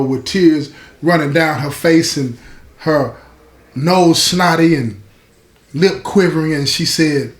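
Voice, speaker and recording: Slow, conversational male storyteller. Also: a little high. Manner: conversational, addresses listeners directly. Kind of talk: casual spoken storytelling. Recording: roomy echo.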